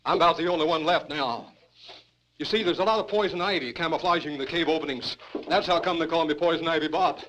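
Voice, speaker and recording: An older man's voice, on the high side, fast and a bit bright, recounts his hobo days in a cave. The rough documentary interview, recorded on hissy, muffled 1970s film sound, has him rambling in a folksy, cursing drawl.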